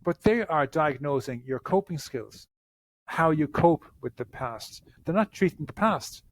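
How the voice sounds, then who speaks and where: A man's voice: on the high side, expressive, measured pace. A man, a therapist answering podcast interview questions in an earnest way, often repeating words as he starts a sentence.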